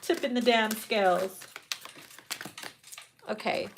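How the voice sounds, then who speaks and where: A woman's voice: fairly high pitch, slow. A woman giving a casual tarot reading, swearing freely and laughing often. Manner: profane, laughing, animated. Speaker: tarot reader.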